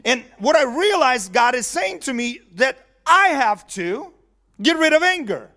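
A man's voice: very high voice, sing-song, measured pace, sharp tone. A man preaching a sermon in a conversational way, chuckling often and asking the audience questions.

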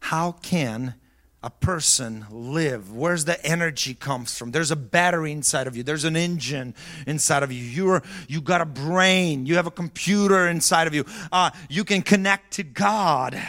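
High bright voiced pastor guy preaching, goes quiet then yells. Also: a little slow. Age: middle-aged or older. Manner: swings from soft and low to yelling at high pitch. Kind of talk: sermon.

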